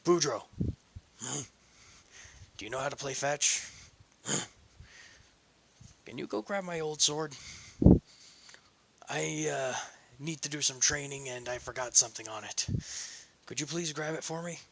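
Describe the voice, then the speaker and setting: A man's voice: mid-range voice, unhurried, creaky, pauses often, fairly bright tone. A man voicing a young male ninja hero who mutters wryly to himself in a casual way. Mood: coaxing.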